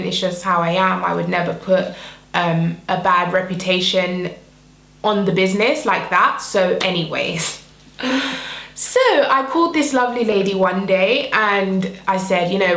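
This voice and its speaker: A young woman chats through a storytime to camera in a middle-pitched voice. She keeps it animated, dropping into quick impressions of the people she quotes and laughing between lines. The room is echoey. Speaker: vlogger.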